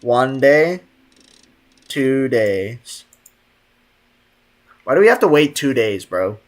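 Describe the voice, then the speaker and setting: A man's voice: mid-range voice, sing-song, takes it slowly. A man streaming a game, chatting casually and jokingly, reading messages from his chat aloud.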